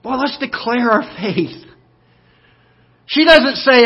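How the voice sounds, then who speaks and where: A man's voice: expressive, takes it slowly, husky, lo-fi sound. Impassioned man preaching a sermon. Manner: builds from low and quiet to loud emphatic repetition. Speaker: pastor.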